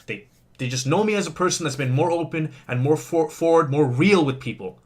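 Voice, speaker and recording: A man's voice: on the high side, fairly quick. Man vlogger, worked up and rambling, defensive monologue. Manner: agitated, rambling, self-justifying. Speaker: vlogger in a reacted-to clip. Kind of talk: venting monologue to camera.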